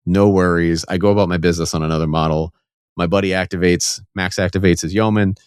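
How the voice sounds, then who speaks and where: A man's voice: sits low, fairly even intonation, quick pace, clean tone, no echo, clean studio sound. A man co-hosting a casual podcast, explaining game rules step by step with enthusiasm. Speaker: podcast co-host.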